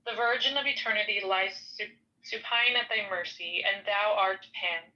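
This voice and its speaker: A woman slowly reading an old ritual text aloud in a solemn way, stumbling now and then over hard names. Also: medium pitch, pushed and bright, highs cut off.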